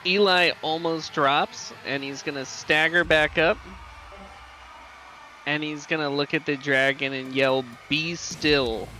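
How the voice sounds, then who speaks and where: A man's voice: on the high side, fairly even intonation, measured pace, bright, forceful tone, slight background noise, rough recording. A man playing a character in a tabletop game, declaring his moves and asking about the dice. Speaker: player. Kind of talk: casual tabletop game play.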